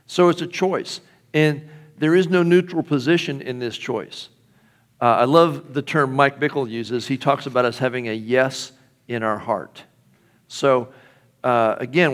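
Man, middle-aged, pastor, sermon, conversational, rhetorical questions, mid-pitched voice.

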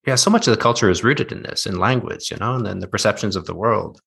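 A man's voice: on the low side, fast, creaky, fairly bright tone, slightly rough. A man interviewing a guest in a thoughtful, conversational way, asking follow-up questions.

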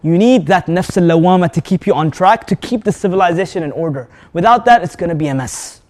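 An Islamic preacher with a high voice delivers a lively sermon to a live audience, talking fast. He puts questions to the crowd and weaves Arabic words and recitation into his English.

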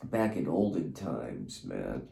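A man with a bass voice that's sing-song, slow, gravelly, and dark, in a roomy-sounding space, rambles profanely in a disjointed stream of consciousness. He's a podcast host recording his own treatment session, disoriented under the influence of a drug, veering between mumbles and anguished cries.

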